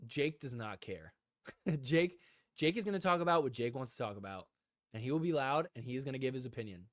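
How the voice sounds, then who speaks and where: A man co-hosting a casual livestream podcast, telling a story with animated delivery and frequent laughter. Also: medium pitch, dry recording, clean studio sound. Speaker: podcast co-host.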